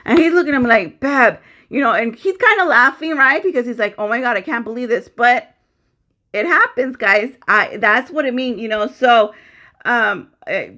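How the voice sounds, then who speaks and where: A woman in her thirties with a bright, clear voice, talking casually straight to her viewers. She chats in a loose, personal way and acts out the back-and-forth of conversations she remembers. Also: fairly high pitch. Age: 30s. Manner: chatty, addresses viewers as guys, acts out dialogue. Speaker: vlogger sharing a personal story.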